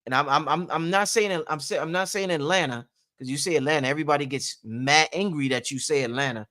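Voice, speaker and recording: A man with a slightly high voice speaks to his livestream audience in a loose, rambling way. He preaches his points and repeats them for emphasis, keeping a casual, motivational tone. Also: quick pace, pushed and bright. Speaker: livestream host.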